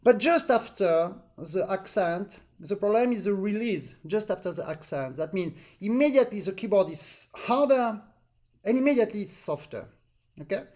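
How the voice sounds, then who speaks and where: A man's voice: high-pitched, animated, normal speed, darkish tone. A man with a French accent, a non-native English speaker, teaching a live online accordion master class and singing rhythms with syllables.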